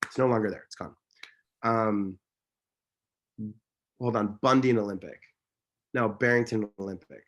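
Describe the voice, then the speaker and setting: A man's voice: on the low side, normal speed, pauses often, a bit bright. A man speaking as an interview guest, telling stories in an earnest, passionate, emphatic way that rambles and corrects itself. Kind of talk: casual conversational storytelling.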